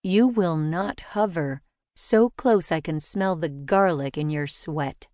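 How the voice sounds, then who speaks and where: A woman narrator voicing a blunt young female aircraft mechanic in a low, calm, cold-edged tone. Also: slow, smooth, no room sound, studio quality. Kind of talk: audiobook character voice.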